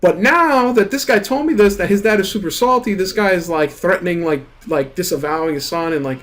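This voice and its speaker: Young male streamer, casual rambling rant, higher-pitched voice, swears a lot. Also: brisk. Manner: animated, rambling, heavy swearing and filler words. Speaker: gaming streamer.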